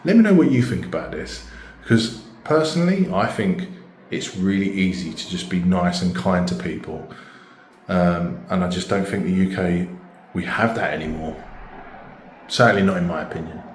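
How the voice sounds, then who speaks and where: British man, very low voice, casual earnest vlog talk, echoey room, faint hiss. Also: moderate pace. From Britain. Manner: chatty, earnest, repeats "genuinely".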